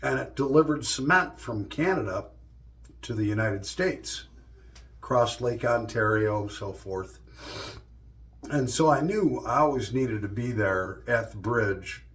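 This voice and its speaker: A man's voice: fairly low pitch, unhurried, fairly bright tone. A middle-aged man vlogging and telling stories in a loose, profane, joking way. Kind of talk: casual storytelling monologue.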